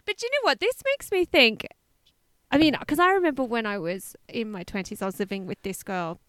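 A woman in her thirties co-hosts a podcast in a fairly high, clean voice, speaking a little fast in a dry recording. She's animated and laughs often as she wonders aloud in casual chat.

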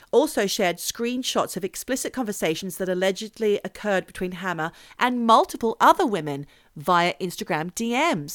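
A woman co-hosting a podcast, recounting a story with chatty asides and casual swearing. Her voice sits at an ordinary middle pitch and is recorded close and dry. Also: no echo. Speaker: podcast co-host. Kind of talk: casual chat, storytelling a true-crime topic.

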